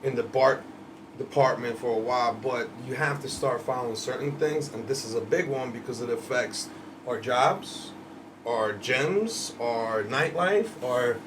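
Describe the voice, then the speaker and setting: A man's voice: mid-range voice, a little slow. A man, a podcast co-host ranting heatedly in casual profane chat, often laughing. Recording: distant mic, faint background noise.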